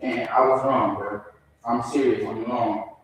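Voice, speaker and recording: A young man speaking as a defendant at his sentencing, crying, remorseful and halting, often repeating himself. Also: mid-range voice, fairly even intonation, a little hiss or hum. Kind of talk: courtroom statement. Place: large echoey courtroom. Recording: echoey courtroom from far off.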